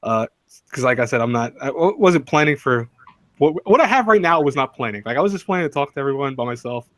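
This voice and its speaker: A man's voice: mid-range voice, sing-song, fast talker, fairly bright tone, dry recording. A young man hosting a casual live stream, rambling and joking with many restarts. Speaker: stream host.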